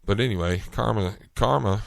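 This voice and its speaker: Telling stories in a casual solo podcast monologue, a man from North Carolina speaks with a Southern US accent and a very low, gravelly voice at a moderate pace. He's relaxed and restarts often, and the dry recording has no room sound.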